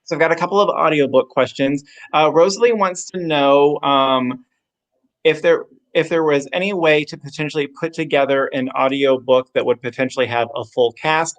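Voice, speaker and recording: A man's voice: fairly high pitch, normal speed, poor audio. Male moderator reading audience questions. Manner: plain, relaxed reading with fillers. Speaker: event moderator.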